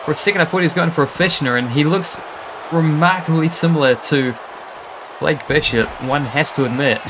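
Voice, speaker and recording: A man doing live play-by-play wrestling commentary, reacting with quick gasps and exclamations. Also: fairly high pitch, noisy background.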